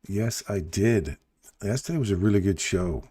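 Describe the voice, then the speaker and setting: A man with a very deep, dark voice, still groggy from just waking up, hosts a casual live trading stream. He muses out loud and throws questions to his viewers. His voice is husky and sits close in a dry room, with mouse clicks now and then. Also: normal speed, no room sound. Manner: relaxed, musing, chats to viewers. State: groggy morning voice.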